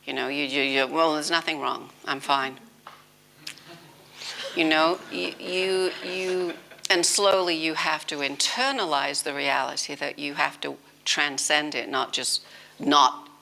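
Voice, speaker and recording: A British woman giving an informal spiritual talk as a teacher, telling lively stories and acting out bits of dialogue. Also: lowish voice, creaky. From Britain.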